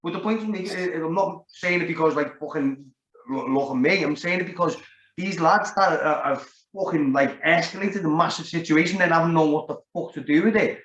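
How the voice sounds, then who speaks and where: A man's voice: on the high side, a little fast, fairly bright tone. A man with a Liverpool accent, telling a story in casual chat, rambling and swearing heavily. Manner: rambling, heavy swearing, lots of "like". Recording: roomy, dull lo-fi sound.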